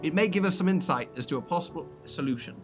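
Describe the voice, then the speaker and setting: A man's voice: fairly high pitch, lively intonation, quick pace, faint music behind, close to an everyday voice. A man reading as a formal young noble scholar. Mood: earnest. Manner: formal, slightly stiff read-aloud delivery.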